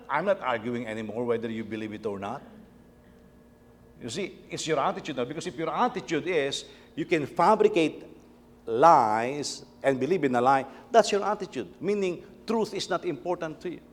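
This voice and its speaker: Brief: middle-aged pastor, higher-pitched man, chatty sermon with stumbling repeats, long hall reverb. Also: animated, moderate pace. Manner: conversational, repeats words, tells family anecdotes.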